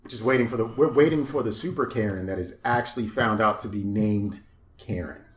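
A man co-hosting a casual podcast chat, relaxed and agreeable, chiming in with short replies. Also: fairly low pitch, brisk, echoey room, a little hiss or hum. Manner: laid-back, agreeable, chiming in. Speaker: podcast co-host.

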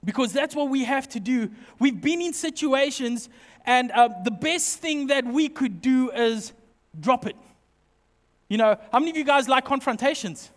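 A middle-aged man preaching a sermon, telling funny personal stories in an animated, joking way. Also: extremely high pitch, normal speed. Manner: humorous, animated storytelling. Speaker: pastor. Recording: long reverb of a hall.

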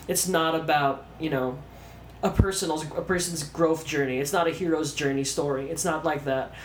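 A man casually ranting about a movie on a podcast, swearing a lot and acting out scenes in mocking voices. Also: on the high side. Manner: animated, swearing, acts out lines in mocking voices. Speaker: podcast co-host. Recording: echoey room with faint background noise.

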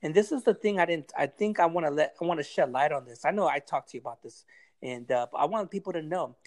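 A man's voice: on the high side, fast. A man on a podcast giving a blunt, heavily profane pep talk in casual chat. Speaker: podcast guest giving advice.

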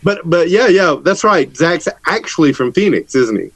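A man's voice: a little high, sing-song, normal speed, no echo, rough recording. A man from Georgia, a band musician, chatting casually in an interview and joking with frequent laughs. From Georgia, USA.

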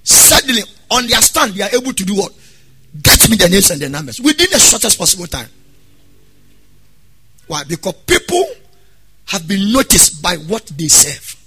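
A raspy male pastor preaching with a high, bright voice. He drops to quiet asides, then bursts into loud, half-sung exhortations. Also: sing-song, moderate pace, long pauses. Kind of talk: sermon.

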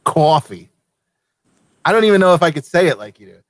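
A man from Vermont hosting a casual live show, easygoing and quick to laugh. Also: sits high, big pitch swings, dry recording. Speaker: show host.

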